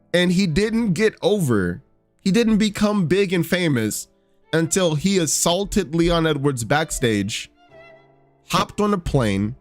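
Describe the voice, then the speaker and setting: A man's voice: high voice, no echo. A man giving rambling, profane casual commentary, full of fillers and restarts. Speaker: podcast host.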